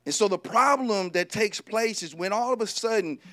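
A male preacher giving a lively, humorous sermon and talking directly to the congregation. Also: high-pitched, moderate pace, no room sound.

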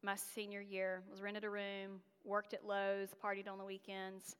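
A woman's voice: mid-range voice, monotone, normal speed, a bit bright, smooth. Candid woman preaching in a reverberant hall. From North Carolina, USA. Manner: conversational and candid, with self-deprecating laughs and frequent fillers. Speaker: guest preacher. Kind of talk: storytelling sermon.

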